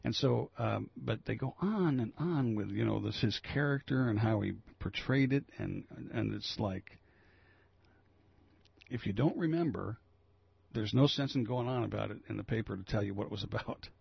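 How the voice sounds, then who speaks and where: A man's voice: on the low side, normal speed, vocal fry, slightly rough, no echo, dull audio. A man hosting a talk radio show, reading news items and riffing on them in a rambling, opinionated way. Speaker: local radio host. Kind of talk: casual talk radio commentary.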